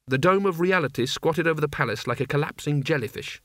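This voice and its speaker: A man narrating a fantasy novel in a measured, expressive reading. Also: fairly high pitch, no echo, studio quality. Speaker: audiobook narrator. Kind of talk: scripted narration.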